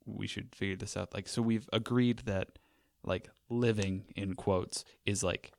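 A man's voice: fairly low pitch, steady tone, unhurried, gravelly, dry recording. A young man hosting a podcast, talking casually in a rambling, wry way with lots of fillers. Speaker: podcast host. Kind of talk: casual conversational chat.

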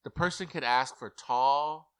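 Animated man chatting about reality TV. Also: measured pace, clear, resonant tone, dry recording, studio quality. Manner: animated, mimics contestants in exaggerated high voices. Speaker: podcast co-host. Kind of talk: casual reality TV chat.

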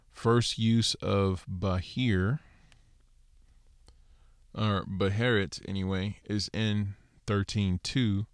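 Male bible teacher, low voice, unhurried delivery, dry close sound, loose casual explaining. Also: no room sound. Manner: explains Hebrew word studies, many fillers like "so" and "okay". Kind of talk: casual scripture lesson.

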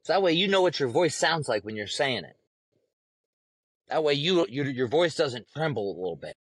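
A man's voice: fairly high pitch, sing-song, normal speed, breathy edge, no room sound. Fired-up profane man ranting. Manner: heated, profane, emphatic, repeats phrases. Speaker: podcast host. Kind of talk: profane opinion rant.

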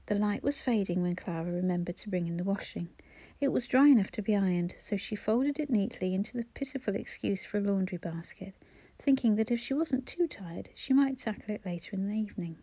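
A woman narrating an audiobook in an even, measured storytelling manner on a close mic. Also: medium pitch, no echo. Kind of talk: scripted narration.

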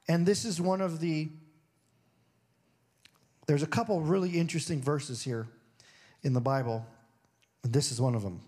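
A man preaching a sermon with a somewhat high-pitched voice. He talks in a loose, conversational way, sinking low and hushed for scripture and rising sharply when he makes a point. He often slips into other people's voices to make the story vivid. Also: expressive, slow pace, pauses often. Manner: swings between low, hushed reading and high, emphatic stretches. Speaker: pastor.

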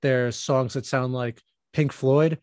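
A man's voice: medium pitch, steady tone, slow, a little mellow, no room sound, studio quality. A man co-hosting a music podcast, chatting casually and rambling with many fillers and restarts. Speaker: podcast co-host.

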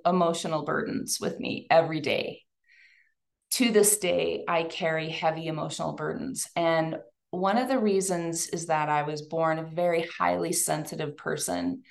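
Brief: adult woman, earnest heartfelt testimony to an audience, lower pitch, some vocal fry. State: tearful at times. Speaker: speaker giving a talk to women. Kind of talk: personal testimony talk.

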